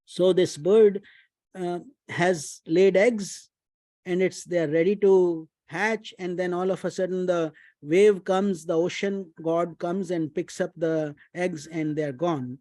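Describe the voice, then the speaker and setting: Man, spiritual teacher, devotional storytelling, chants mantras, mellow warm tone, dry close sound. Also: sits high, dry recording. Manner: unhurried, chants mantras, mixes in Hindi phrases.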